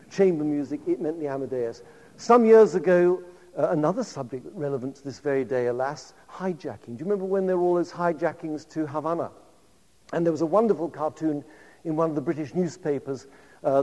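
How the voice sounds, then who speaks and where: A man in his fifties delivering a public lecture, his fairly high voice ringing out with a long reverb through the hall. He spins anecdotes in a chatty, conversational way, with frequent asides to the audience. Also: warm tone.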